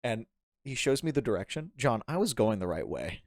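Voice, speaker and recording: Clean and dry, the studio recording captures a young podcast guest at medium pitch talking fairly quickly. Animated and rambling, he tells a casual story, laughing often and acting out what others said.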